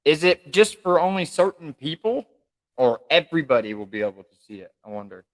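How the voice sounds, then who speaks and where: A man's voice: fairly high pitch, very animated, a little fast. A man co-hosting a casual live stream from home, chatting in an easygoing, rambling way. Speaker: livestream co-host.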